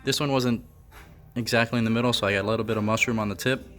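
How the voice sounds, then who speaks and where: A man's voice: medium pitch, fairly even intonation, very fast, a bit bright. A man talking casually to camera about his car project, offhand and thinking aloud with a few fillers. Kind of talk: casual workshop vlog.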